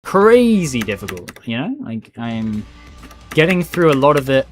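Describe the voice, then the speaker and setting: With faint music behind him, a streamer talks through his gameplay live in a sing-song, mid-range voice at a slightly slow pace. He's chatty and casual, wandering between remarks to himself and his chat, and "bro" comes up again and again.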